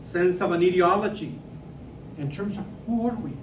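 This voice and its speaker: A man with a Mexican Spanish accent lectures an audience, leaning on repeated words and rhetorical questions. His voice sits high. It echoes around the room and is picked up from a distance. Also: normal speed, noisy background. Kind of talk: public lecture. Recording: roomy sound from far off.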